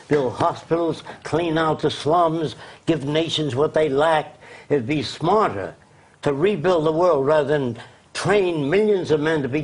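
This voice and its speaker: A man's voice: on the high side, a little mellow, husky. A man giving an interview guest's impassioned, blunt lecture, listing his points one after another. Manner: emphatic, blunt, lists points rapid-fire. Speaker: interview guest, social designer.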